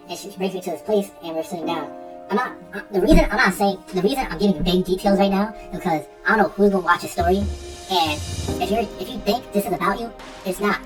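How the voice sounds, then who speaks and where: A man's voice: high voice, quick pace. A young man telling a casual, rambling story full of slang and swearing, often repeating himself as he goes. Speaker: streamer. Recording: distant mic with faint music.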